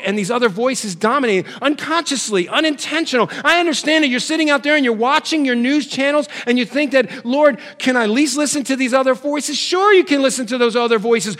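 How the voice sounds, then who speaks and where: A man with a high voice delivers a sermon, building to emphatic swells and then dropping low. He sounds middle-aged and speaks like a pastor reading scripture to his congregation. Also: fairly quick, hardly any pauses, fairly bright tone.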